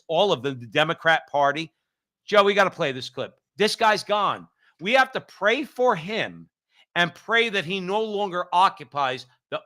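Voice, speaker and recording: A man's voice: fairly high pitch, pushed and bright. A man co-hosting a talk show, opinionated and emphatic, often repeating his points. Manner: emphatic, repetitive, preachy. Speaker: co-host.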